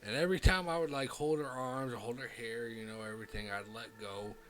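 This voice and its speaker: A man hosting a livestream, telling a long personal anecdote in a loose, profane, rambling way full of fillers, dropping quiet then getting loud. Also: medium pitch, fairly quick. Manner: animated, swings between hushed and loud. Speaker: livestream host. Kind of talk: casual livestream storytelling.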